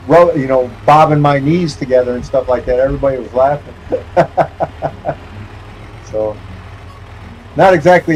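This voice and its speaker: A man's voice: fairly high pitch, a little mellow, slight background noise, low-quality recording. A man streaming a game, chatting casually in a rambling, joking way and chuckling often. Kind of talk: casual chat while gaming.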